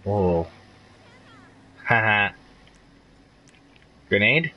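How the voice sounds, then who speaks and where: A man's voice: fairly low pitch, expressive, extremely slow, dull audio. Frustrated young male gamer streaming. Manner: frustrated, swearing, laughing outbursts. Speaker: live streamer. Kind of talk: casual gameplay commentary.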